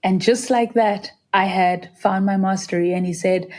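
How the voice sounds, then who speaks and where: A woman's voice: steady tone, normal speed, few pauses, a little mellow. Earnest South African woman recounting a dive. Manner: earnest and vivid, acts out quoted voices in a higher pitch. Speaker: freediver, guest. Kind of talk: reflective interview storytelling.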